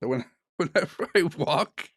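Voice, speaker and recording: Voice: mid-range voice, lively intonation, a little slow, husky, dry recording, clean studio sound. A podcast co-host in casual chat, rambling and cutting in on himself, laughing often.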